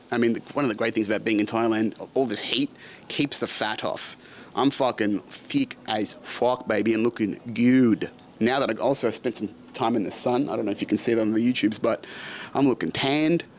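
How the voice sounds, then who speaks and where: A young Australian man hosting a casual solo vlog, ranting in an animated and profane way. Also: medium pitch, slight background noise. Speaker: podcast host.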